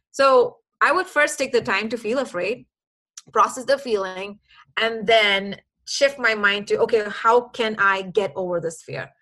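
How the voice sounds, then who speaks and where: Bright-voiced woman telling her story. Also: fairly high pitch, poor audio. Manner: earnest and animated, acting out her own dialogue. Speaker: guest. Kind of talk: casual interview chat.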